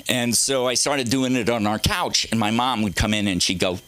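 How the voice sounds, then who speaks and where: A man's voice: fairly low pitch, moderate pace, few pauses, bright, forceful tone, clear, resonant tone. A middle-aged man doing a rambling, profane, self-mocking stand-up set on a comedy club stage.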